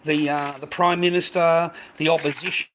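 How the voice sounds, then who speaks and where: This Australian man's delivery is flat and moderately paced, his voice fairly high and a bit bright. He gives viewers a blunt, repetitive casual rant, ending phrases with "mate". The audio is poor, with a little hiss or hum.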